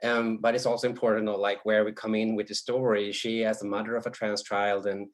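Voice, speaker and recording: A man from Sweden, an author, speaking softly and hesitantly with many restarts on a video call panel. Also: fairly low pitch, flat delivery, brisk.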